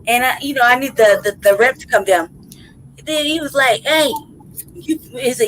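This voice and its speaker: A high-pitched, slightly bright woman's voice with lively intonation and normal pacing comes through a rough recording with slight background noise. As a podcast host in casual chat, she rambles through a profane story, laughing as she talks and checking in with "right?" and "you know what I mean?"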